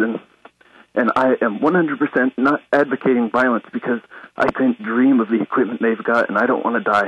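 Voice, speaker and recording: A man's voice: mid-range voice, muffled recording, a little hiss or hum. A man calling in to a radio talk show, nervous and rambling. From Alaska. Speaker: caller.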